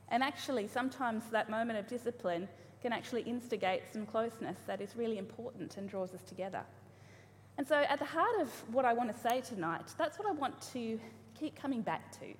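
Woman preacher, thirties, casual sermon, slightly high voice, long church hall reverb, faint room ambience. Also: expressive, brisk, a little hiss or hum. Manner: chatty, warm humor, frequent ums and restarts.

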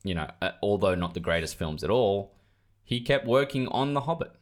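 A man with a fairly low but very lively voice leads a casual talk about films. He moves the chat along and reads details out. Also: a little fast.

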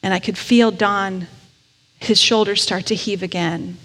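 A woman's voice: medium pitch, steady tone, measured pace, fairly bright tone. A woman preacher telling a story in a sermon, in a conversational, candid and self-deprecating way. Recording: long reverb of a large hall.

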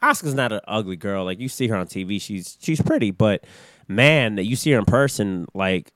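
Animated casual podcast man, smooth voice. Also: lowish voice, moderate pace, dry recording. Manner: animated, swearing, rambling with fillers. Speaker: podcast co-host. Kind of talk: casual chat.

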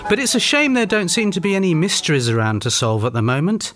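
Storybook schoolboy ringleader, bossy and excitable, shrill and exclaiming; a man doing the voice. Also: quick pace, faint music behind. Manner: keeps exclaiming, bitchy.

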